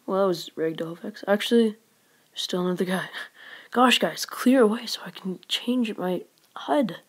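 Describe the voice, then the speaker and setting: This channel host is a woman giving live gameplay commentary at a moderate pace. Her medium-pitched voice is slightly rough, and she's excitable and rambling, with lots of exclamations and whispered asides.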